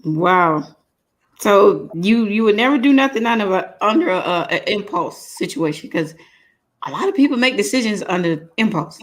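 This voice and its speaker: A woman hosting a casual chat, animated and joking, laughing often as she talks. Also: mid-range voice, normal speed. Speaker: host.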